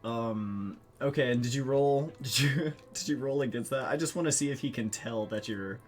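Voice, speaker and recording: A man narrating as game master for a tabletop game, casual and quick to laugh. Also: mid-range voice, soft background music.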